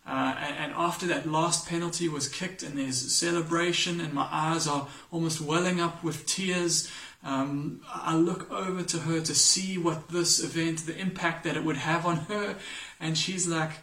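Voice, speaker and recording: A man from England, his voice a little on the high side, reads scripture and then moves into a sermon. He tells stories in a loose, self-deprecating way. The sound bounces around a reverberant room, and he is some distance from the mic. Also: a little slow. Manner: relaxed storytelling, self-deprecating humor. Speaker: preacher.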